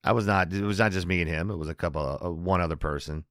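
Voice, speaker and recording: A man's voice: sits low, fast, fairly bright tone, no room sound, studio quality. A man hosting a casual comedy podcast monologue, rambling, restarting sentences and laughing at his own jokes. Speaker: podcast host.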